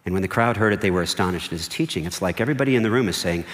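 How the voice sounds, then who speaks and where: Guy pastor preaching, lowish voice, chatty with lots of asides, big echoey church. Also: animated, racing, hardly any pauses, a bit bright. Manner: conversational preaching with frequent asides and repeated words. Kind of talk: sermon. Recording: long hall reverb.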